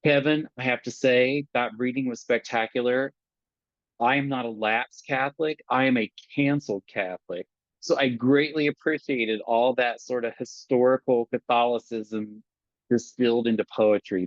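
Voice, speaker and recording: A man who grew up in Appalachia, a guest poet introducing his work with relaxed, wry asides and reading his poems slowly and deliberately over a video call. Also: medium pitch, dry recording. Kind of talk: poetry reading with casual introductions. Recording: dull, dry video-call audio.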